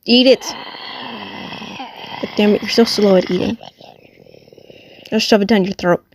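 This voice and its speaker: A woman voicing an exasperated parent bird who coaxes a stubborn chick, stammering and quickly losing patience, as a comic voice-over. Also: medium pitch, vocal fry, background noise.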